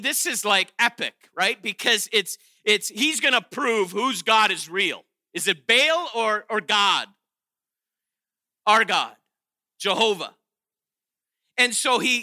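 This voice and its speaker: A man preaching a sermon, animated and playful, often restarting his sentences and acting out quotes with sarcasm. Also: high-pitched, no echo, clean studio sound. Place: chapel or auditorium.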